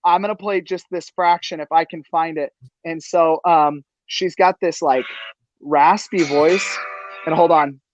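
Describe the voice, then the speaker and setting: A man hosting a podcast, talking in an excitable, gushing, casual way. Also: fairly high pitch, a little slow. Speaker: podcast host. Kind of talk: casual chat. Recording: dull, lo-fi sound.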